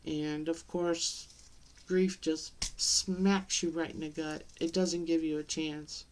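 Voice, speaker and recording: Halting, tearful middle-aged woman. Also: sits low, little pitch movement, a little hiss or hum. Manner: halting, tearful, with many pauses and restarts. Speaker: vlogger. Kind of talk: personal talk to camera.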